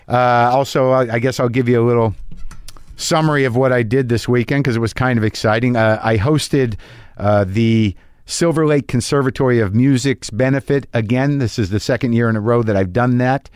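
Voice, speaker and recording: A man's voice: medium pitch, moderate pace, a little mellow, smooth, no echo. A middle-aged man hosting a podcast, talking in a casual solo monologue, rambling and self-deprecating with plenty of restarts and fillers. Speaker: podcast host.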